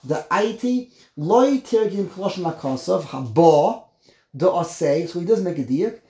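Animated man teaching a text class, roomy. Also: sits high, unhurried. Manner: animated, emphatic, repeats words while explaining. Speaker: Torah teacher.

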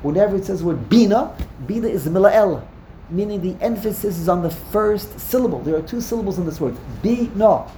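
A man's voice: high-pitched, quick pace, warm tone, echoey room, slight background noise. A man teaching a text-study class, explaining emphatically, often repeating words and restarting sentences. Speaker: Torah teacher.

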